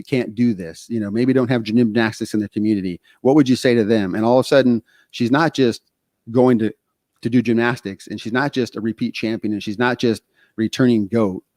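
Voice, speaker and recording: A man from Texas co-hosting a podcast, talking casually in animated stretches, full of fillers and restarts. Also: mid-range voice, no echo, studio quality. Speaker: podcast co-host.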